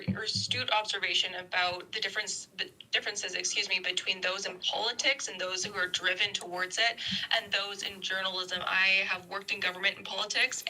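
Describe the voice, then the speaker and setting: A woman's voice: mid-range voice, sharp tone, slight background noise, low-quality recording. A woman calling in to a live show, speaking earnestly and in well-formed sentences. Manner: earnest, articulate. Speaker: caller. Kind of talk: casual call-in chat.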